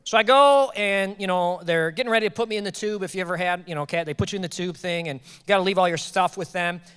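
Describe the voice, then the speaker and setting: A man in his thirties preaching a sermon as pastor, telling a personal story with jokes and lively quoted dialogue. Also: high-pitched, quick pace, smooth. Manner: animated, joking, quotes people in raised voices. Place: church auditorium. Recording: long hall reverb.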